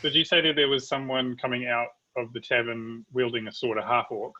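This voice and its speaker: A man's voice: mid-range voice, level tone, a little fast, bright, forceful tone, muffled recording. A man playing a tabletop game, stammering and repeating words as he speaks. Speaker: player.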